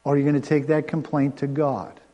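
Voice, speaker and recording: Pastor, male, fairly high voice, chatty preaching style, long reverb. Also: flat delivery, mellow, dull audio. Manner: conversational preaching with asides and quick runs. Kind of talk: sermon.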